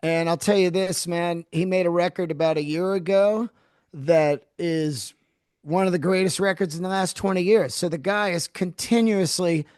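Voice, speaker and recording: A man's voice: sits high, moderate pace, clean tone, dry recording. Profane storytelling comedian man, dry sound. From San Francisco Bay Area. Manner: animated, profane storyteller who acts out quotes. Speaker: comedian guest. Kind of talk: casual storytelling interview.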